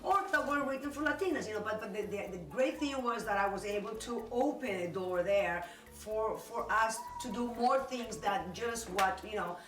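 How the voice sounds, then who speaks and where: A woman in a documentary interview who speaks in halting bursts and often restarts her sentences. She sits far from the mic in a roomy, echoey space. Faint music plays behind her. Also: on the high side, fairly bright tone. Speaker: actress interviewee.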